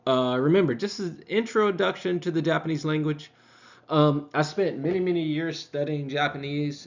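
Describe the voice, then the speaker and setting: A man teaching a casual language lesson, with lots of ums, who slows down to sound things out. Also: fairly high pitch. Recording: dull lo-fi recording.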